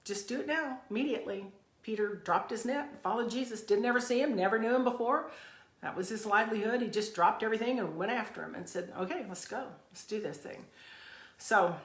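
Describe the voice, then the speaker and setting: On her own podcast, a woman speaks at a quick pace in a high-side voice, pouring out an intense, emphatic motivational rant full of repetition. The sound bounces around an echoey room.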